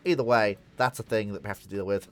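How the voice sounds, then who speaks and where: A man's voice: lowish voice, quick pace, a bit bright, faint music behind. A man casually commenting while he plays a strategy game on a live stream, rambling and talking to himself and to the game. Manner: rambling, talks to himself and the game, self-mocking.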